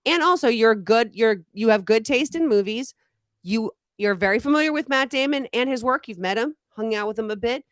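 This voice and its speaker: A woman's voice: a little high, animated, a little fast, no room sound, studio quality. A woman co-hosting a casual podcast, curious and teasing in a conversational way. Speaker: podcast co-host. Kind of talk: casual sports podcast chat.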